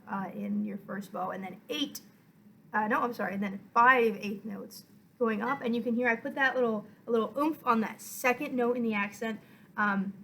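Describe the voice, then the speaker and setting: A woman teaching a violin lesson, talking her students patiently through each measure. Her voice sits a little high, and she counts the rhythm aloud as she explains. A faint hiss stays under her speech. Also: a bit bright, low-quality recording. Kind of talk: online music lesson.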